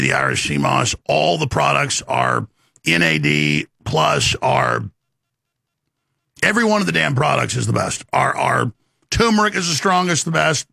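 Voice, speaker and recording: A man hosting a talk show, delivering an emphatic rant and sales pitch with sudden swings in pitch. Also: gravelly, sharp tone, slightly rough, no echo, clean studio sound.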